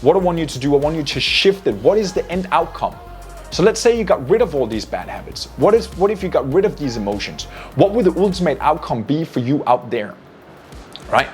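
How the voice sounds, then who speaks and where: A man talking to camera as a coach, giving energetic, casual motivational tips, often checking in with "right?" and swearing freely. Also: on the high side, brisk, faint music behind. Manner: energetic, repeats "right?" to the viewer. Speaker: life and fitness coach.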